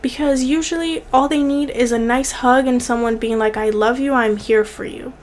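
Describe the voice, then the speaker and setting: Young woman, vlogger, earnest and tearful at times, repeats for emphasis, slightly high pitch, faint hiss. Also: fairly even intonation, normal speed. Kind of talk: heartfelt direct-to-camera encouragement.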